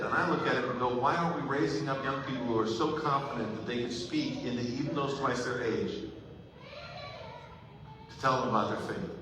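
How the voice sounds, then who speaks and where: A man's voice: medium pitch, background noise. A middle-aged male pastor giving a sermon, with conversational storytelling and jokes, recorded in a church sanctuary. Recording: echoey hall from far off.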